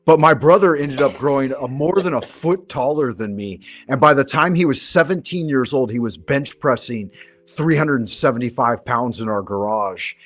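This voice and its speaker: A man's voice: mid-range voice, moderate pace. A man from Southern California hosting a casual chat, telling rambling, profane anecdotes. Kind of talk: casual conversational storytelling.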